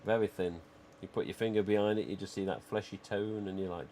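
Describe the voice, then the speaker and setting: This livestream host from England has a deep, mellow voice that stays steady in tone while he talks fast. He rambles casually, dropping in lots of "you know" asides, over slight background noise.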